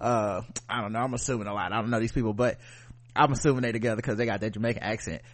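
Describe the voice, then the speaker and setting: A man's voice: fairly low pitch, steady tone, very fast. A man co-hosting a podcast, talking casually in slang, joking and often laughing. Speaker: podcast co-host. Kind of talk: comedic casual chat.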